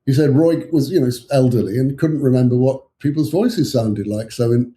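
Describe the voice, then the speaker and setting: Mellow-voiced older English man, rambling. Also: mid-range voice, normal speed. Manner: rambling anecdotal storyteller, chuckling asides. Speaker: author guest. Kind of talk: casual chat.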